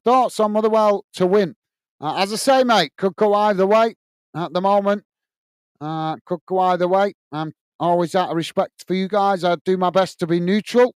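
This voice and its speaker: Male watch-along host, high clean voice, dry close mic, easygoing match chat. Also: clear, resonant tone, no room sound. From United Kingdom. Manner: friendly, reads out viewer messages, frequent "mate" and "uh" fillers; excited goal call. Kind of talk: live football watch-along commentary and chat.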